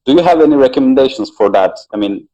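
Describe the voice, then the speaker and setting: A man interviewing a guest in a casual chat, asking calm, measured questions. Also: medium pitch, highs cut off. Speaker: interviewer, language teacher.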